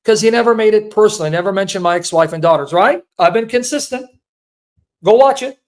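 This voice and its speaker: A man with a high-pitched voice gives a heartfelt testimony, his emotions showing as he speaks. He talks earnestly and keeps repeating his points. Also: brisk. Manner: earnest, repetitive, pleading. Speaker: apologetics speaker.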